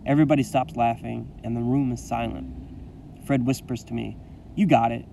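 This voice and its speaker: Gravelly man reading a story aloud. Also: medium pitch, brisk, far from the mic, a little hiss or hum, low-quality recording. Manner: expressive, dramatic first-person reading. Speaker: teacher reading to his class.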